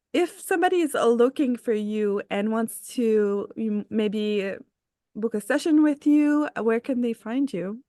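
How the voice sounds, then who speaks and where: A woman's voice: on the high side, dry recording, studio quality. A woman hosting a podcast interview, enthusiastic and readily agreeing with her guest. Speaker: podcast host. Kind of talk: casual interview chat.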